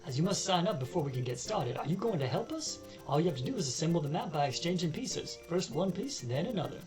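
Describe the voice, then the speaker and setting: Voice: mid-range voice, big pitch swings, fast, close to an everyday voice. A player voicing an old-time radio announcer in a put-on mid-Atlantic accent, over game music. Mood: announcing. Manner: clipped, announcing delivery.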